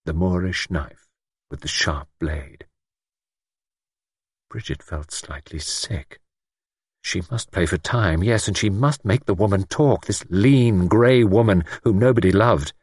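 A man narrating an audiobook story in a measured, expressive way. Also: sits low, husky, no echo, clean studio sound.

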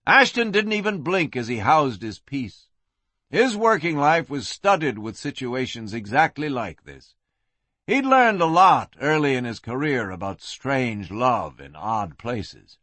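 A man reading a western story aloud in an expressive storytelling manner. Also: medium pitch, a little slow, no room sound. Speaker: audiobook narrator. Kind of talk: scripted western narration.

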